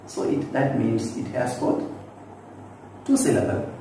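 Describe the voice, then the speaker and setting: A man teaching phonetics in a video lesson, explaining slowly and repeating himself with many asides. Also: mid-range voice, steady tone, vocal fry, mellow. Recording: very echoey room, distant mic, faint noise.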